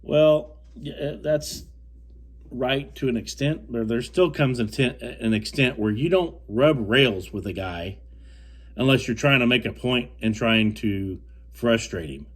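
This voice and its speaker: A man's voice: medium pitch, unhurried. A young man from the United States recounts a fishing trip in a casual, rambling way, restarting and repeating words, firm and indignant. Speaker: fishing co-angler telling a story. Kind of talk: casual storytelling to camera.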